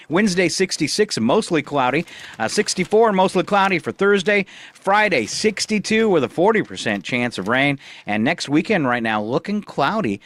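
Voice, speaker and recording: A man's voice: a little high, fairly bright tone, no room sound. A man hosting a morning radio show, reading news and weather in an easygoing way at a studio microphone. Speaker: radio host.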